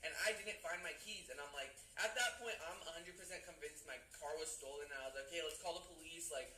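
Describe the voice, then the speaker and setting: A young man, a vlogger, telling a story to his viewers in an excitable way, repeating words for emphasis. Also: fairly high pitch, fast, slight background noise. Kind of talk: animated storytelling to camera. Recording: roomy, slightly distant, faint ambience.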